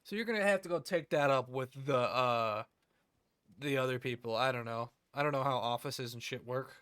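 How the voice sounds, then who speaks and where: A man's voice: mid-range voice, moderate pace, a bit bright, clear, resonant tone, no echo. A man streaming a game, chatting casually with crude jokes and rambling asides. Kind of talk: casual gameplay commentary.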